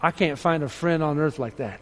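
A man preaching with earnest feeling, his voice a little higher than most. He swings from loud storytelling to soft, low appeals. The sound carries a long reverb from a large hall. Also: fairly quick. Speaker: pastor. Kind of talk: sermon.

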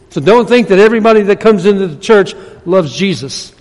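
A male pastor preaches conversationally in a church, rising to emphatic points as he goes. He has a high voice with lively intonation, a slightly fast pace and a darkish tone, heard through the long reverb of the sanctuary.

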